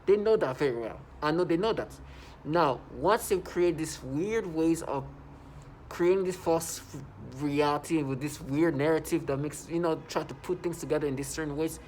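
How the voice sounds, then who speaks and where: A man's voice: on the high side, darkish tone, a little hiss or hum. A man delivering a rambling personal vlog monologue, agitated, with frequent restarts and self-corrections. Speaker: vlogger.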